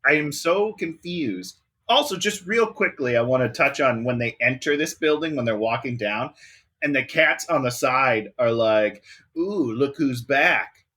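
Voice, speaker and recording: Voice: mid-range voice, lively intonation, normal speed, a bit bright. A podcast co-host in a casual movie review chat, ranting in exasperation and swearing often.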